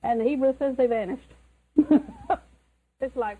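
A woman's voice: sits high, unhurried, slightly rough, narrow, tinny audio. A woman preaching a sermon, emphatic and chuckling, who repeats her key words.

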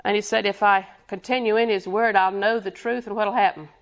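A woman's voice: medium pitch, steady tone, brisk. A woman preaching a sermon with rhythmic repetition, quizzing her congregation and chuckling between points.

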